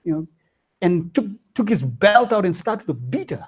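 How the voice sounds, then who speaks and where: Guy giving a scripture class, husky voice, chatty, lots of "hmm?". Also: normal speed. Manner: lively, swinging pitch, slangy asides and frequent "hmm?". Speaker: spiritual teacher.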